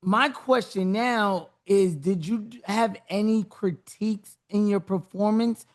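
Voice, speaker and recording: A podcast host interviewing a guest, hyped and encouraging, giving big shout-outs. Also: medium pitch, measured pace.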